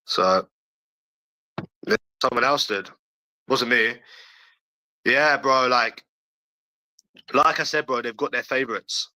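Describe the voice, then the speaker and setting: A man's voice: mid-range voice, slow pace, pauses often, bright, forceful tone, no echo, low-quality recording. Profane ranting man. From London, England. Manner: blunt, profane, repetitive ranting. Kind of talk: livestream rant to chat.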